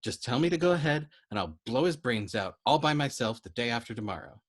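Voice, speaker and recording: A man voicing a frantic, agitated young male bomber pilot who blurts out loud, excitable outbursts in a storybook reading. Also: medium pitch, fairly quick, close to an everyday voice. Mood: scheming.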